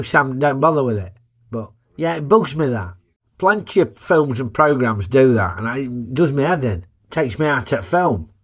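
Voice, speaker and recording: A man's voice: a little high, fairly bright tone. A man, hosting a casual, jokey film review in a chatty, plain-spoken way.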